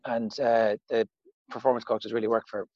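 A fast-talking man hosts a podcast and rattles through anecdotes. The recording is dry and a bit dull, with no room sound. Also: lowish voice, level tone, a little mellow, no room sound. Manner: quick and chatty, recounting anecdotes. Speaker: podcast host. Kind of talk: casual chat.

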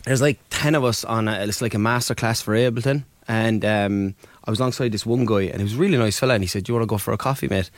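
A man's voice: lowish voice, quick pace, hardly any pauses, dry recording. An Irish man, a DJ guest on a radio show, chatting easily and telling stories with plenty of ums. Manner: easygoing storyteller, many ums and mates. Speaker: DJ and producer guest. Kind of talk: casual radio interview chat. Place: radio studio.

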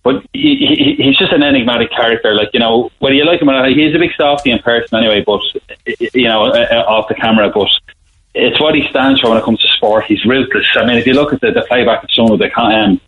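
A man calls in to a radio show and rambles quickly with plenty of restarts. His voice comes through a narrow, tinny phone line. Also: medium pitch, expressive. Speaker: caller. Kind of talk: phone-in chat.

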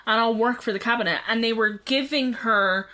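A woman's voice: on the high side, normal speed, pushed and bright. A woman, co-hosting a casual, gossipy podcast chat and reading news headlines aloud. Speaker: podcast co-host.

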